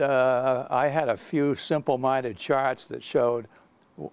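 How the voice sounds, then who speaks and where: An older man giving an unscripted lecture about his own experience, halting, with many fillers and restarts. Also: medium pitch, darkish tone. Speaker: guest lecturer recounting experience.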